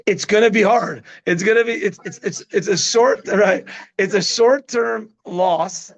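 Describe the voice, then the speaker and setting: Animated rabbi teaching parents, slightly high. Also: male voice, a little slow, vocal fry. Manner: animated, keeps checking in with listeners. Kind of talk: casual teaching talk. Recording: dull lo-fi sound.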